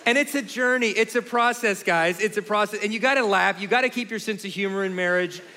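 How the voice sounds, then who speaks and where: A man in his forties, co-hosting and telling comic stories in an animated, laughing way. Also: high voice, fast talker, big-room sound, slight background noise. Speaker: co-host. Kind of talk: comic storytelling in conversation.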